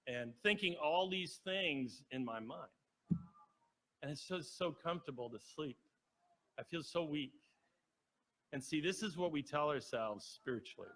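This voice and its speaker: A man's voice: on the high side, lively intonation, moderate pace, long pauses, pushed and bright. A man giving a conversational sermon, telling a personal story and speaking directly to the congregation. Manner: storytelling, acts out quoted voices, asks the congregation. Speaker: preacher. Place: church sanctuary.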